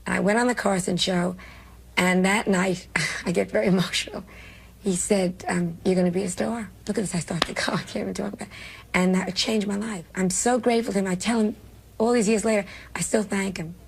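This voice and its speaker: A woman's voice: medium pitch, fairly even intonation, a little fast, vocal fry, slightly rough. An older woman with a New York accent, a comedian telling brash, self-mocking stories in an interview. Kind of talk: candid interview storytelling.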